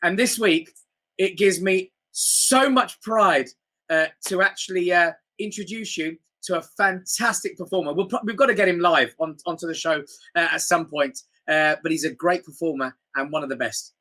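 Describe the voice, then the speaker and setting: A man's voice: high voice, normal speed, bright, forceful tone. A man hosting a chat show, upbeat and encouraging, introducing acts and passing on viewer questions. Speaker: host.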